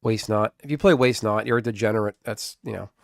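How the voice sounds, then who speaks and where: A man's voice: fairly low pitch, fairly quick, gravelly, no room sound. Dry-voiced man trash-talking through gameplay. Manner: muttering, trash-talking his opponent. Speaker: streamer. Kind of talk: live gameplay commentary.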